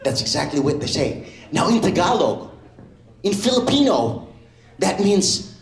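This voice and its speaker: Animated male stand-up comic. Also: sits high, unhurried, vocal fry, long pauses. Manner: animated, jumps into loud impressions. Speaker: stand-up comedian. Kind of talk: stand-up comedy set. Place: comedy club stage. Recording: echoey comedy club.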